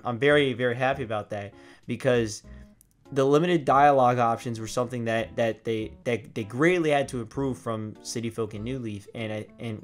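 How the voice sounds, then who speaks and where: A young man hosting a gaming vlog, telling a story in a loose, swearing way and acting out his old reactions with sudden loud, high bursts. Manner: animated, swears freely, acts out his past reactions in loud high outbursts. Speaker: gaming video host.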